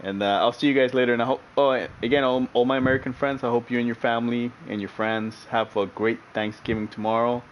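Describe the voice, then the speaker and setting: A man hosting a sim racing livestream, chatting loosely with his viewers and breaking into laughter often. His voice sits at an ordinary middle pitch, and he circles back and repeats phrases as he talks, over a faint hum of room ambience. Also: fairly even intonation, fast, hardly any pauses, lo-fi sound. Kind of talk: casual stream chat with viewers.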